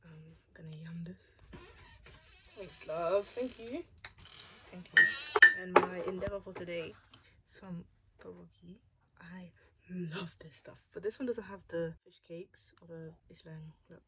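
A woman's voice: lowish voice, unhurried, very noisy. A young woman chatting casually in a vlog, tired and talking while she eats. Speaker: vlogger.

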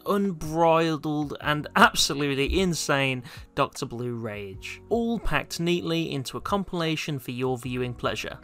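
Bright-voiced male gaming host. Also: on the high side. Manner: heartfelt thank-you intro, then loud angry outbursts in play. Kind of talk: casual gaming commentary.

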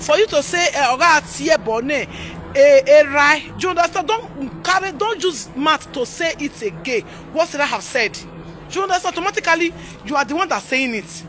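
A woman's voice: high voice, expressive, normal speed, a bit bright. A Nigerian woman from Edo, ranting in a heated, pleading way in a vlog, repeating herself as she scolds people. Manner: agitated, pleading, repetitive. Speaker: vlogger.

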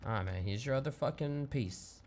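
Fast gravelly swaggering man. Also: mid-range voice, a little mellow. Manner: swaggering, profane street-tough talk. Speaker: streamer role-playing a gun dealer. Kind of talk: in-character role-play banter.

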